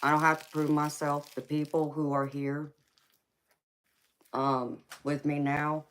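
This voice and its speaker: A woman's voice: sits low, little pitch movement, slow pace. A woman with a Southern US accent, hosting a tarot reading live stream in a casual, folksy chat and calling her listeners baby, sweetheart and honey.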